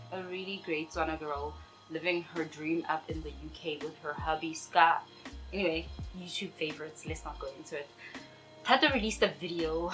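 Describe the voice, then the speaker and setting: A young woman vlogger from South Africa, talking straight to her viewers in a sassy, playful way. Her voice sits on the low side for a woman. Soft music plays faintly under her. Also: rough recording. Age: young adult. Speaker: vlogger answering viewer questions. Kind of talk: casual chat.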